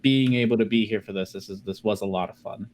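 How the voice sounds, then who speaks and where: A man's voice: on the low side, fast, a little mellow. A man who regularly organizes a tabletop game, chatting casually afterward and often stumbling over and repeating his words. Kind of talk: casual post-game chat.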